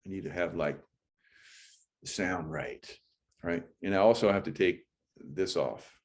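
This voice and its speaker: Over a phone or computer mic with a little hiss or hum, a middle-aged livestream host talks in a low-pitched voice at a measured pace. His casual chatter rambles, and he frequently stops mid-sentence.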